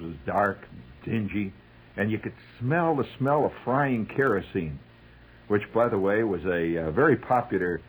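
A man telling a comic, wry story about army life, acting out the shouted calls. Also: lowish voice, a little hiss or hum, poor audio.

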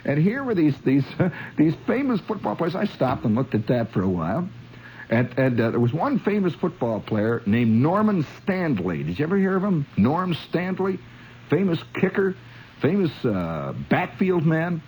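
A man from Indiana spins a long, rambling yarn, chuckling as he goes and turning to the listener with little asides. His pitch swoops lively up and down, and a faint room hum sits under his voice. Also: normal speed, rough recording. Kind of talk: spoken storytelling monologue.

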